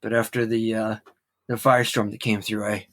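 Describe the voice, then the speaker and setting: A man's voice: lowish voice, flat delivery, a little fast, fairly bright tone. A man playing a forgetful old bartender. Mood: rambling. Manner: rambling, stumbling over names. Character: sad old male bartender, warm, forgetful.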